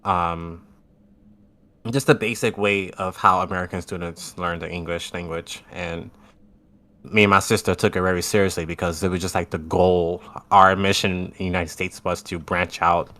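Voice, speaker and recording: A man's voice: low-pitched, fairly even intonation, normal speed, bright, forceful tone. A Japanese man, a podcast guest speaking English as a second language, chatting casually and earnestly. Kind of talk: casual chat.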